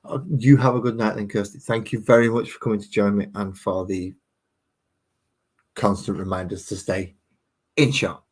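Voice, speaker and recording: A man's voice: fairly low pitch, flat delivery, normal speed, long pauses, husky. A man streaming himself painting miniatures at his home hobby desk, rambling casually to his chat viewers.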